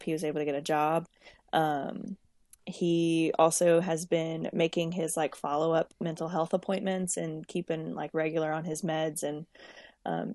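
Young woman, low voice, dry close sound, rambling podcast storyteller. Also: a little mellow, no echo. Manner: storytelling with many fillers and restarts. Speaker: podcast co-host, social worker. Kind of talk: casual podcast chat.

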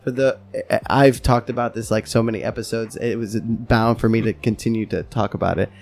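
A man hosting a casual podcast, excitable and profane, laughing as he talks. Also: lowish voice, fairly quick, gravelly. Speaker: podcast host.

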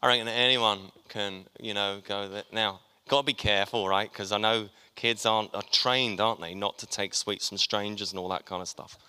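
A man's voice: lowish voice, fairly even intonation, moderate pace, few pauses, pushed and bright, smooth. A man preaching a sermon, chatty and joking with his congregation as he talks. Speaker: pastor. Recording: long hall reverb.

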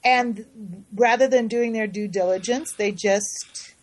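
A woman guest on a radio show, telling a story with animated, halting restarts. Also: medium pitch, rough recording. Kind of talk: casual radio talk.

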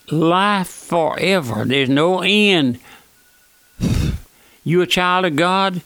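A man preaching a radio sermon in a folksy, earnest manner, often turning to his listeners as friends. His voice sits fairly high and comes across bright and forceful. The sound is close and dry, with little room around it. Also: clear, resonant tone, no room sound. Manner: earnest, keeps calling out "my friend", slows down to read scripture; folksy, plain-spoken. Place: church auditorium.

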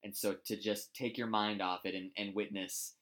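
Rambling man with a bright tone. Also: fairly low pitch, flat delivery, normal speed. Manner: rambling, searches for words, frequent restarts. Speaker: co-host. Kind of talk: casual sports chat.

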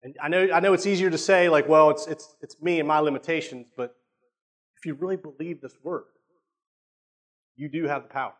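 Slightly high-voiced male preacher. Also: fairly even intonation, brisk, pauses often. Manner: conversational, checks in with listeners, repeats words. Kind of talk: sermon.

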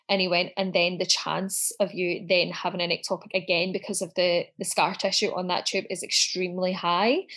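Frank, sweary woman telling her story. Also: lowish voice. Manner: frank, sweary, acts out quoted dialogue. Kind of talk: candid personal storytelling.

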